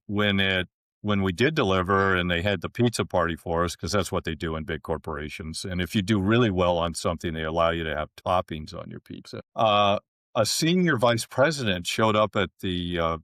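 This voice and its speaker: A man, a guest in an interview, telling a long anecdote in a relaxed conversational way and acting out the dialogue. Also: sits low, normal speed, no room sound, studio quality. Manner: relaxed anecdote-teller who acts out quoted dialogue. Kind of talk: conversational storytelling.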